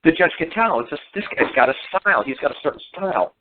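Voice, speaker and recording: A slightly high, expressive male voice moves at a quick pace with a bit of background noise. The middle-aged talk radio guest tells loose, rambling stories over a tinny phone line, repeating himself and swearing bluntly.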